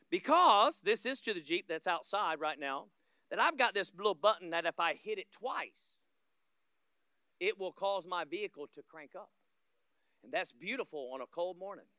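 A man from Florida, preaching a sermon as a guest pastor, telling stories, acting out scenes and building to loud peaks, with humorous asides to the congregation. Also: high voice, clean tone, no room sound, clean studio sound.

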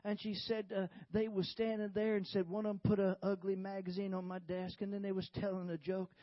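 A man's voice: high-pitched, little pitch movement, brisk, no room sound, highs cut off. A man preaching a sermon, telling a story with many repeated "he said"s and hallelujahs. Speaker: pastor.

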